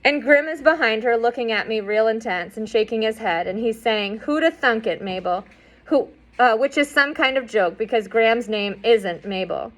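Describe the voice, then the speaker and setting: A woman's voice: on the high side, normal speed, hardly any pauses, fairly bright tone. A woman reading a novel aloud in a conversational way, with asides and fillers. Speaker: audiobook reader.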